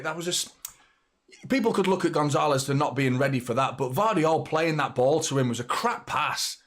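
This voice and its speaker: A man hosting a live football watchalong. He reacts excitably to the play, swears freely and chats with viewers' messages. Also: fairly high pitch. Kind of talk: live match watchalong commentary.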